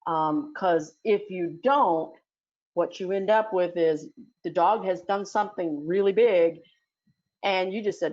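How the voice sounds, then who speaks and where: A woman's voice: on the low side, unhurried, a little mellow, highs cut off. A woman giving a casual talk as a dog sport instructor, chatty, with many fillers and restarts. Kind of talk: casual teaching talk in an audio chat room.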